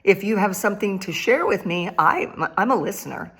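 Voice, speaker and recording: A woman's voice: mid-range voice, lively intonation, a little fast, slightly rough. An older woman and grandmother giving a casual devotional talk, laughing often and repeating phrases for emphasis. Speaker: Christian speaker.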